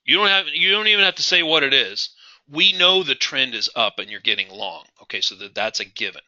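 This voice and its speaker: A man's voice: mid-range voice, animated, brisk, pushed and bright, no room sound, lo-fi sound. A man teaching a live trading class, emphatic, repeating key phrases and asking his audience questions. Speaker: trading instructor.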